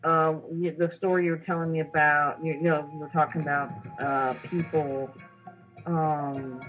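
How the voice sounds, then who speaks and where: A young woman, one of the co-hosts, casually tells about a dream, acting out its quoted lines in a lively way. Her voice sits low and moves at normal speed, with soft background music on a low-quality recording.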